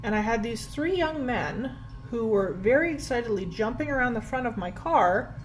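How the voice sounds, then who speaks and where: A woman's voice: on the high side, expressive, moderate pace, slight background noise, low-quality recording. A young woman from Canada chatting casually while doing her makeup at home, self-deprecating and full of "like". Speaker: beauty vlogger. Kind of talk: casual get-ready-with-me chat. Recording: faint background music. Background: soft background music.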